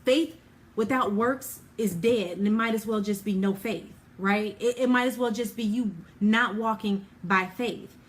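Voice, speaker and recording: With a mid-range voice and a measured pace, this Bible teacher chats through an informal lesson full of "like" and "you know." She stages little everyday scenes using quoted lines of dialogue.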